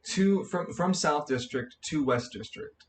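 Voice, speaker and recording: A man's voice: a little high, expressive, measured pace, slight background noise. A young man narrating as game master of a tabletop role-play, rambling with many fillers and restarts.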